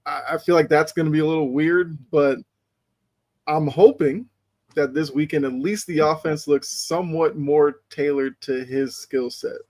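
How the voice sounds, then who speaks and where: A man's voice: fairly high pitch, fairly even intonation, moderate pace, darkish tone. A man on a sports podcast breaking down plays in a thoughtful, analytical way. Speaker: podcast panelist. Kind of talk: casual sports talk.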